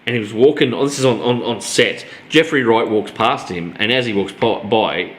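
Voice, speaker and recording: A man's voice: medium pitch, fairly quick. A man with an Australian accent co-hosting a casual pop culture chat, swearing freely and telling anecdotes. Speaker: co-host.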